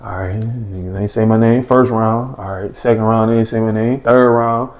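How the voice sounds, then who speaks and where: A young man chatting casually as a podcast guest, telling stories in an animated, slangy way and acting out his own past thoughts and his friends' reactions. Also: lowish voice, moderate pace. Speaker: podcast guest, former junior college basketball player. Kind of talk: casual storytelling in a podcast chat.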